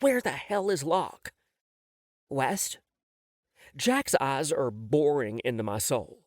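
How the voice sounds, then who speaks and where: A man's voice: mid-range voice, very animated, unhurried, dry recording. A man narrating a novel in the first person, wry and self-mocking, on a close studio mic. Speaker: audiobook narrator.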